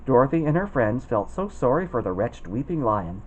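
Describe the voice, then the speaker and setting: A man reading a children's storybook aloud, expressive and putting on voices for the characters. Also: mid-range voice, moderate pace, muffled recording. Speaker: storybook reader.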